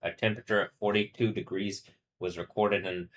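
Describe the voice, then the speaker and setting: A man's voice: on the low side, fairly even intonation, brisk. A man on a live stream, rambling, swearing and restarting, who reads news aloud and stumbles over words. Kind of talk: casual live-stream monologue.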